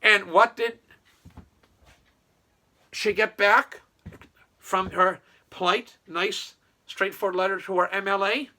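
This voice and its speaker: Gravelly, bright-voiced man. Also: sits high, fairly even intonation, slow, pauses often. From Nova Scotia. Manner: sarcastic, mocking storytelling. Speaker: online commentator. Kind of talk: opinionated political commentary monologue.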